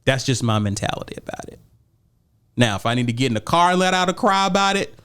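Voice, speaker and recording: A man's voice: medium pitch, expressive, quick pace, fairly bright tone, clear, resonant tone. A middle-aged married man co-hosting a podcast, arguing emphatically and acting out quoted conversations in a casual debate. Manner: emphatic, acts out quoted dialogue. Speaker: podcast co-host.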